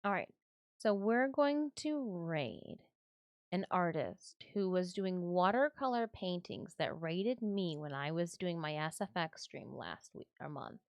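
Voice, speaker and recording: A woman's voice: on the low side, lively intonation, unhurried, darkish tone, dry recording. A woman from Michigan chatting casually on a live stream, sometimes cooing baby talk at her cats.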